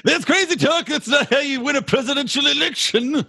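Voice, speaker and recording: A man's voice: very high voice, brisk, vocal fry, pushed and bright, no echo, pitched above the performer's own voice, heavily acted. A man playing a pompous, brash mock president in a comedy podcast, using a silly sing-song put-on accent. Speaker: podcast host. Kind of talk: drunken comedy role-play.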